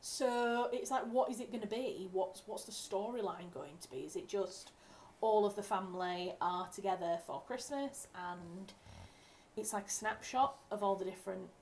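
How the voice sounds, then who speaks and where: A woman's voice: medium pitch, normal speed, a little mellow, a little hiss or hum. A young woman from England, a writer hosting a casual livestream at home, talking in a chatty, rambling way and correcting herself as she goes. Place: home room.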